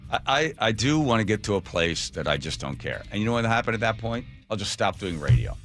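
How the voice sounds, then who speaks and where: Animated, sarcastic talk radio host, man. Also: fairly low pitch, a little fast, soft background music. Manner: animated, sarcastic, mock voices for imagined people. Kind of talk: opinionated talk radio rant.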